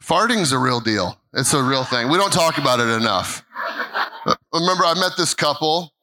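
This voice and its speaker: A man's voice: mid-range voice, lively intonation, moderate pace, sharp tone, rough recording. A middle-aged male pastor telling a funny family story in a sermon, acting out voices and laughing along. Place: church stage.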